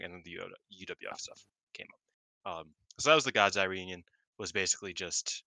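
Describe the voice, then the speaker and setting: A man co-hosting a podcast, talking casually and excitedly, often swearing and acting out what others said. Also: low voice, a little fast, no echo, rough recording. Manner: excitable, swears, acts out quotes. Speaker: podcast co-host. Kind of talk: casual wrestling review chat.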